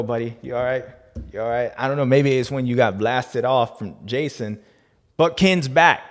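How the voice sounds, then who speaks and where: A man hosting a casual podcast recap, joking around in slangy talk with loud bursts and low asides. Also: in a large hall. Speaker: podcast host. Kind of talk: casual race recap chat.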